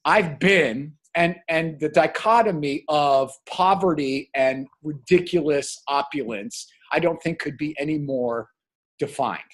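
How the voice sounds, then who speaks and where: An older man from New Jersey co-hosting a casual talk show, animated and rambling, often tagging his points with "okay?". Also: on the high side, a little slow. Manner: animated, digressive, tags remarks with "okay?". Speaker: podcast co-host. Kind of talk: casual chat.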